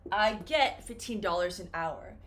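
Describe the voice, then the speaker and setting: Woman, English teacher, slow careful delivery, patient, mid-pitched voice. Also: lively intonation, fairly bright tone, a little hiss or hum. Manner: patient, explains with simple examples and acted quotes. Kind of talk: slow, careful ESL lesson.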